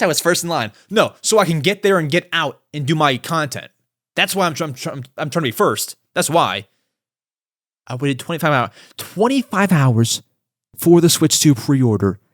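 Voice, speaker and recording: In his solo podcast ramble, a young male host speaks with a fairly high voice that jumps all over the place. His casual, excitable chatter frequently escalates into heated, exasperated rants.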